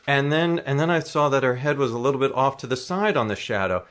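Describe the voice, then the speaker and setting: A man's voice: medium pitch, expressive, fast, fairly bright tone. Self-mocking man rambling through an anecdote. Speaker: storyteller. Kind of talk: comic personal anecdote.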